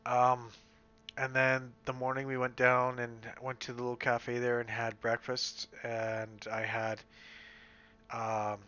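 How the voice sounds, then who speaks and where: Recorded with slightly dull lo-fi sound, this Western Canadian man chats casually in a home vlog, rambling along with plenty of fillers and restarts. His medium-pitched voice comes across pushed and bright.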